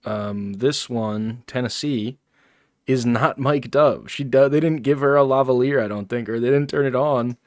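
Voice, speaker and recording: A man's voice: mid-range voice, normal speed, no room sound, clean studio sound. A man streaming live, making offhand, rambling asides while reacting to a podcast. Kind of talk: casual live-stream commentary.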